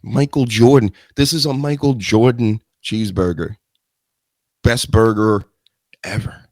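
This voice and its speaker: A man riffs solo on his show, rambling from one joke to the next with crude asides. His voice sits a little low, and the studio mic sounds close and dry with no room echo. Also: steady tone, a little slow, a little mellow. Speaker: show host. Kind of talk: solo radio-style chat show.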